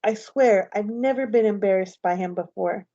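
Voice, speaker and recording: A woman's voice: mid-range voice, moderate pace, warm tone, lightly acted. A woman reading aloud and voicing an upset, fragile teenage girl who is close to tears, on a slightly dull, lo-fi recording. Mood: tearful.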